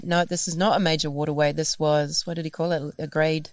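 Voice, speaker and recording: Brief: NZ-accented woman guest, low pitch, dry close sound, animated storyteller. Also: fairly quick, smooth, no room sound. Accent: New Zealand. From New Zealand. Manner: animated storyteller, laughs often, acts out dialogue. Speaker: podcast guest. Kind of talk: casual conversation. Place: farm, recorded in person.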